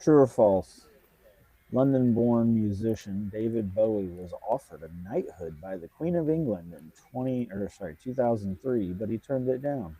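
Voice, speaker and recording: A man's voice: lowish voice, animated, normal speed, warm tone, husky, dry recording, muffled recording. A man reading music facts aloud during a casual chat with friends. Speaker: show co-host.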